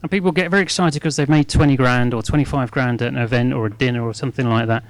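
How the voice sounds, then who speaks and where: A man's voice: mid-range voice, quick pace, no echo. A middle-aged man giving a live talk to an audience. His speech is chatty and self-mocking, and he keeps checking in with "okay?". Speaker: guest speaker at a fundraising masterclass.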